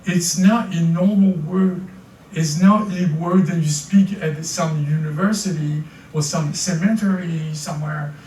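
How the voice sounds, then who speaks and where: An older man with a French accent preaches in a high voice, tripping over his words and repeating them as he builds his points. He is heard from a distance in an echoey church hall, with a faint hiss of room noise. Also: measured pace. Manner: repeats words, stammering restarts, animated. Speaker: pastor. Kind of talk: sermon.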